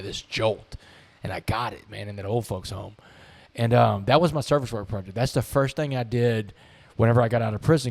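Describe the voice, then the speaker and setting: A man's voice: fairly low pitch, a little mellow. Candid man telling his story. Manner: candid, conversational, swears casually. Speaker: podcast guest. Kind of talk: storytelling interview.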